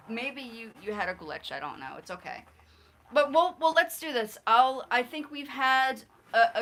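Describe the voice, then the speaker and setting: Woman host, mid-pitched, playful and laughing, patiently coaching sounds in a casual stream. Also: sharp tone. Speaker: livestream host. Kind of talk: casual livestream chat.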